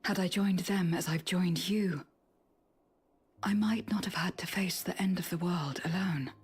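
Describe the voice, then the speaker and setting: An actress voicing a weary, regretful young woman warrior in a video game cutscene, speaking in a breathy near-whisper. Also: lowish voice, a little slow, faint music behind. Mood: somber.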